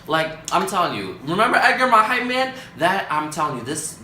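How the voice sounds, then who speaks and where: A young man telling a storytime vlog, dramatic and animated, acting out quotes with big jumps in pitch. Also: normal speed, roomy sound, a little hiss or hum, rough recording. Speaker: vlogger.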